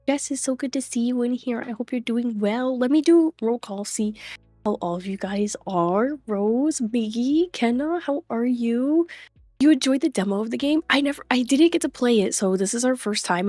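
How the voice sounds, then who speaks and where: Her voice sits on the high side and sounds a little mellow, with no room sound on the recording. A young woman livestreaming from home through a desk mic, she chats away, reads out viewers' names and laughs frequently.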